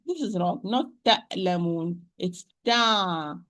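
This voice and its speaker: Slow, patient Arabic-accented woman teaching. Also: a little high, animated, a bit bright. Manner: patient, repeats sounds slowly to demonstrate; addresses listeners as "my dear sister". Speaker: Quran recitation teacher. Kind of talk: pronunciation lesson.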